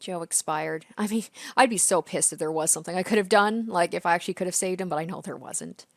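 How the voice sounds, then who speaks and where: A woman's voice: lowish voice, fast talker, slight background noise. A young woman casually commenting on a story game as she plays, reacting and swearing freely. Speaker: let's play host.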